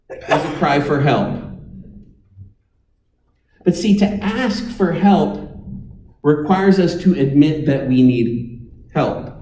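A man's voice: mid-range voice, dark tone, reverberant, distant mic, low-quality recording. A man preaching a sermon, telling stories with dry, wry humor. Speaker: pastor.

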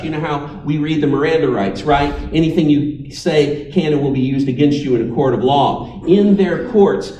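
A man preaching a sermon with emphatic, dramatic pauses, now and then inviting listeners to repeat after him. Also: a little high, warm tone, reverberant, distant mic, poor audio.

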